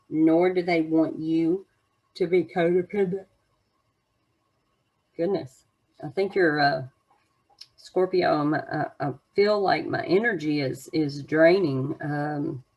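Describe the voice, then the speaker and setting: A woman's voice: fairly low pitch, warm tone, lo-fi sound. A woman giving an unscripted oracle card reading to her viewers, musing in a meandering way with many fillers.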